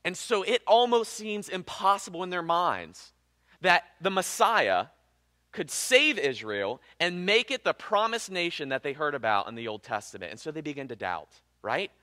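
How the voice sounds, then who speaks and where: A young man preaching a sermon as pastor, with expressive delivery that swings between loud emphasis and hushed low passages. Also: moderate pace.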